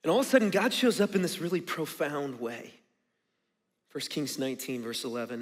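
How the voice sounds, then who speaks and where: A man preaching a sermon in a church auditorium, earnest, swinging between hushed moments and emphatic bursts. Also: on the high side, big pitch swings, fairly quick. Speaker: pastor. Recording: long hall reverb with faint music.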